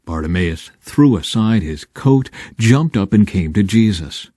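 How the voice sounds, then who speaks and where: A man reading scripture aloud in a measured, expressive way, leaning into dramatic lines. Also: sits low, slightly rough, no echo, clean studio sound. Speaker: Bible reader.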